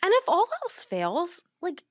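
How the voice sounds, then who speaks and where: A woman hosts a podcast in a relaxed back-and-forth. Her pitch moves a lot as she chimes in with quick agreement. The sound is dry and close. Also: no echo. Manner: agreeing often, quick interjections. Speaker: podcast host. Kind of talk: casual chat.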